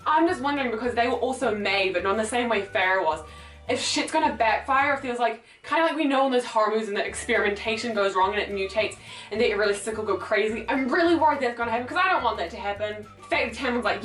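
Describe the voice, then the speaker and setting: A young woman chatting in a casual book vlog, excitable and rambling, swearing freely and acting out scenes as she goes. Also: a little high, fast talker. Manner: excitable, rambling, swears a lot, acts out characters. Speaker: book vlogger. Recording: echoey room, mic at a distance, faint music.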